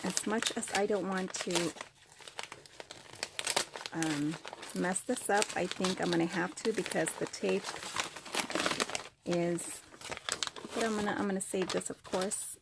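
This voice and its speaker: A woman's voice: on the low side, fairly even intonation, slow, gravelly, long pauses, very noisy. A woman vlogger opening craft mail, gushing, gasping and squealing with delight as she talks to the camera. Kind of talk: excited unboxing chat to camera.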